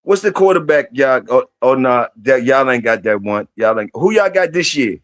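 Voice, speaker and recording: A man hosts a live stream in a loose, rambling, profane chat, tossing questions at his viewers. His voice sits at an ordinary middle pitch. The sound is close and dry. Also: animated, normal speed, no echo.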